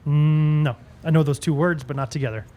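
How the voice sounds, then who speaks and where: A young man co-hosting a podcast in casual chat, laughing often and telling animated stories. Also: a little high, brisk. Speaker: podcast co-host.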